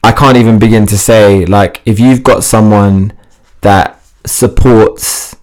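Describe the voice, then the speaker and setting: A man who hosts a fitness TV show, chatting as a podcast guest and telling lively stories with frequent laughs. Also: on the low side, slow. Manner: animated storytelling, laughs often, restarts sentences. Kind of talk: casual interview chat.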